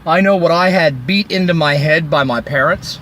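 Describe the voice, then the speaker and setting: A man's voice: on the high side, moderate pace, a bit bright, a little hiss or hum. A man ranting angrily into his phone by a road, swearing heavily and sarcastically. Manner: furious, heavy swearing, sarcastic. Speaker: vlogger. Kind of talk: angry roadside rant. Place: recorded while by a road.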